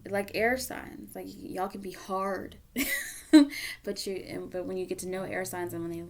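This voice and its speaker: A woman's voice: on the low side, level tone, normal speed. A woman giving a casual tarot reading to camera, candid and emotional, dropping at times into a near whisper. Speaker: tarot reader.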